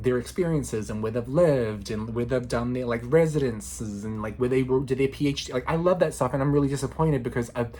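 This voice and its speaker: A man's voice: mid-range voice, a little hiss or hum. A man in his thirties, a law student, chatting casually to camera in a playful, slangy way, often breaking into laughter. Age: 30s.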